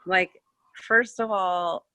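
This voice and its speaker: A woman's voice: lowish voice, fairly even intonation, slow pace, pushed and bright. A woman who lives in California, a guest in a casual political chat, rambling with many restarts and fillers.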